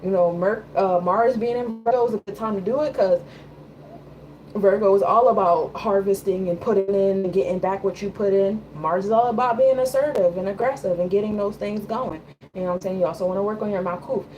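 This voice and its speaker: A woman's voice: mid-range voice, steady tone, a little fast, darkish tone, highs cut off, slight background noise. A woman giving a loose, conversational tarot and astrology reading. She often checks in with her listener. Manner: loose, conversational, repeats "you know what I'm saying". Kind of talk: casual live reading.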